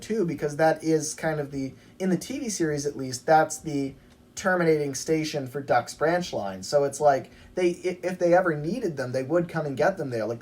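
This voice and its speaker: Low husky woman chatting casually. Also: a little mellow. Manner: chatty, many fillers and restarts. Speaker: podcast co-host. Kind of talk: casual fan chat.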